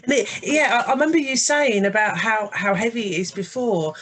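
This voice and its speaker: A woman's voice: on the high side, brisk, a bit bright. Woman, podcast host, casual chat, friendly, short questions.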